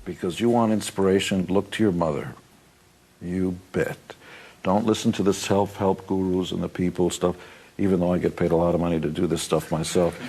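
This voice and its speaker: A man's voice: sits low, steady tone, normal speed, dark tone, a little hiss or hum. A man speaking bluntly in an interview, giving motivational advice with wry, dry humor.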